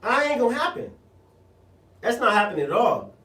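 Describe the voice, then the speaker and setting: A political candidate from South Central Los Angeles hosts a radio show, ranting bluntly in slang with an LA accent in an animated monologue. His very high-pitched voice swings widely in pitch at normal speed with a sharp tone, captured from a distant mic in an echoey room on a low-quality recording.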